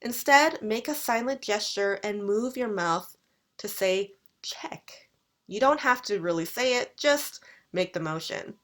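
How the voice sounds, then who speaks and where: A young Canadian woman lecturing on everyday English, her voice sitting at an ordinary middle pitch. She speaks clearly and repeats practice phrases with deliberately exaggerated rises and falls, like a teacher modeling pronunciation for a class. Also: expressive, fairly bright tone.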